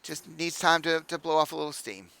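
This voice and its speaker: A man voicing a fretful father who speaks in a hushed, placating, hesitant way in a tabletop game. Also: on the high side, a little fast, creaky, clear, resonant tone, pitched above the performer's own voice.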